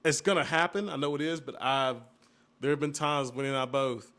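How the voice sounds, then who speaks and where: A man's voice: on the high side, moderate pace. A young man telling family stories in a casual podcast chat, acting out what was said as he goes. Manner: storytelling, animated retellings of family moments. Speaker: podcast co-host.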